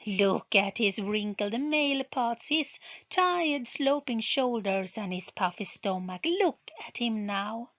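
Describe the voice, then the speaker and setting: A furious young witch, scornful and commanding, who gives orders slowly and deliberately, voiced by a woman reading a story. Her voice sits a little high for a woman. The recording is muffled and lo-fi. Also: expressive, fairly bright tone.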